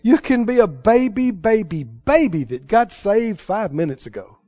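A man preaching a sermon as pastor, fervent, with sudden bursts of loud praise. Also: high voice, big pitch swings, moderate pace, dry recording, dull audio.

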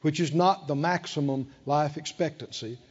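A man's voice: on the high side, moderate pace, a little mellow, husky, long reverb tail, highs cut off. A man preaching a sermon, emphatic and calling out to the congregation. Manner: emphatic, call-and-response preaching.

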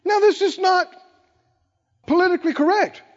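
A man preaching a sermon with emphasis, acting out quoted voices and building to loud peaks. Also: very high-pitched, normal speed. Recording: dull, reverberant hall sound.

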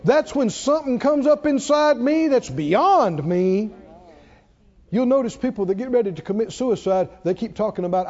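A man preaching a sermon with passion, swinging from quiet low passages to loud peaks. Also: big pitch swings, moderate pace. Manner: impassioned, rising to loud peaks and dropping low. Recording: dull lo-fi sound.

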